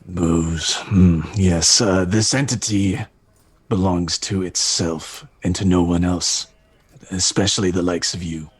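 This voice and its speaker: A man voicing a huge male stone construct who speaks in slow, solemn pronouncements. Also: low-pitched, steady tone, breathy edge, no room sound, voice pushed down, exaggerated voice. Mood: stern.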